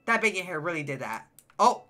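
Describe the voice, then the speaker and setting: At a normal speed, a male gamer streams and chats eagerly with his viewers, responding to their messages and saying the same phrases more than once. His pitch is high, with an occasional crack, and his manner is excitable and chatty.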